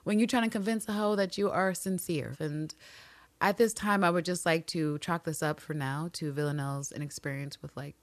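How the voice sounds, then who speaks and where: A woman co-hosts a casual podcast, talking with animated energy and plenty of swearing. Her voice sits a little low, and the recording is close and dry with no room sound. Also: moderate pace, no room sound. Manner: animated, profane, acts out characters' lines in voices. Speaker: podcast co-host recapping a TV finale. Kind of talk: casual chat.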